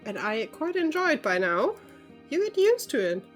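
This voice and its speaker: A woman player speaking in character in a tabletop role-play, with a gentle, reassuring and patient manner. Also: high voice, sing-song, moderate pace, soft background music.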